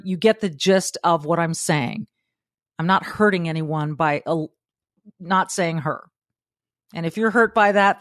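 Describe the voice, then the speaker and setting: Lively woman podcast host, low voice. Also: no room sound, clean studio sound. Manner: animated, acts out quotes, laughs often. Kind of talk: motivational monologue.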